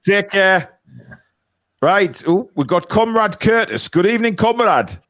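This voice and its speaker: A man's voice: high voice, animated, a little slow, a bit bright, no room sound, clean studio sound. A man with a North East English accent hosting a casual football quiz, joking and teasing the players and swearing freely. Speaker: quiz host.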